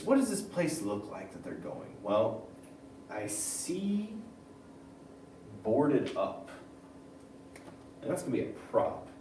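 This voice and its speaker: A male teacher giving a reading lesson, reading passages aloud and thinking out loud about them. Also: fairly low pitch, takes it slowly, long pauses, a little hiss or hum. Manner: animated, switching between reading aloud and thinking aloud. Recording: roomy sound, mic at a distance, faint ambience.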